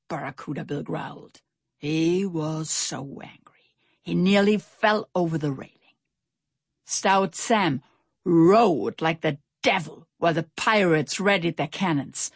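A woman reading a children's storybook aloud in an expressive, animated way. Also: sits low, slow, breathy edge, no echo, clean studio sound. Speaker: narrator. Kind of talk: storybook narration.

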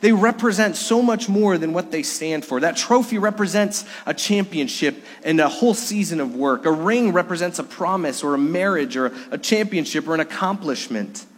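Preaching pastor in a reverberant church. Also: male voice, high voice. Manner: earnest preaching with dramatic pauses. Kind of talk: sermon. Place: church sanctuary. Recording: live church service with long reverb.

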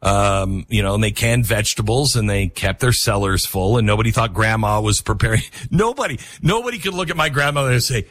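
A man's voice: medium pitch, big pitch swings, moderate pace, a bit bright, no room sound. An older man hosting a talk radio show, rambling through a scattered, self-mocking monologue into a studio microphone.

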